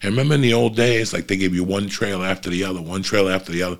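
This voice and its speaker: A man with a gravelly, creaky voice rants exasperatedly, cursing at every turn as he tells a story. His pitch sits at an ordinary middle level. He slips into quoted asides to act out what he and others said. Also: expressive, fast talker, hardly any pauses, a bit bright. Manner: exasperated, swears constantly. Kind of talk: profane ranting monologue.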